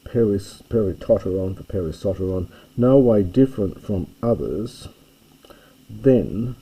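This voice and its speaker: Older guy teaching classics, low dark husky voice, slow and careful, going word by word. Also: expressive, rough recording. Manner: slow, careful and explanatory, pausing over each word. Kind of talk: line-by-line lecture reading of an ancient text.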